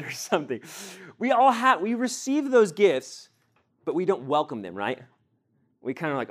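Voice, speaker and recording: A young man teaching a sermon to a group, animated, acting out everyday scenes and quizzing his listeners. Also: mid-range voice, normal speed. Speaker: youth teacher.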